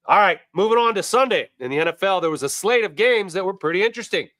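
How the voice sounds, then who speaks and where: A man hosting a casual sports show, animated and wisecracking, talking straight to his viewers. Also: high voice, fast, no echo, studio quality.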